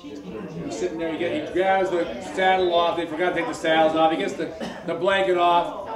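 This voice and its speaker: A man telling a long, rambling joke on stage at a variety show, halting now and then and doing voices for the characters. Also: fairly high pitch, little pitch movement. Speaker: comedian in a family variety act. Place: large hall, live show. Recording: echoey hall from far off, loud crowd. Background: crowd.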